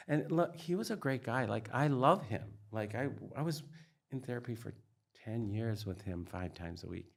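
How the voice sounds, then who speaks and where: A man's voice: medium pitch, expressive, normal speed, creaky. A middle-aged man, a psychiatrist, speaking candidly in an interview in an earnest, emphatic way, with lots of "like" and "you know". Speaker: psychiatrist and trauma expert guest.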